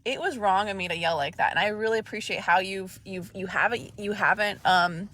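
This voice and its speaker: A woman speaking up as a guest on a livestream, halting and searching for words with many fillers. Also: medium pitch, pushed and bright. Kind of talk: casual chat.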